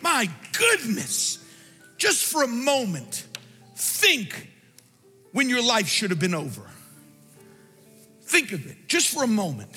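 Pastor, male, high and bright voice, impassioned and repetitive sermon delivery, long hall reverb with faint music behind. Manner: impassioned preaching with repetition, shouting at peaks. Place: large church hall.

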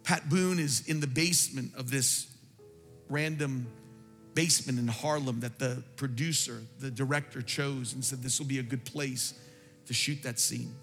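A man's voice: mid-range voice, fairly even intonation, normal speed, a bit bright. A man preaching a sermon, telling a story with fervent, emphatic delivery. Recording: reverberant hall with faint music.

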